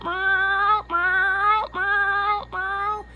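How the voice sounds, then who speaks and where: A man imitating a small male house cat, meowing over and over in a high squeal. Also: flat delivery, very slow, pushed and bright, slight background noise, heavily acted. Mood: insistent. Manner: repetitive insistent meowing.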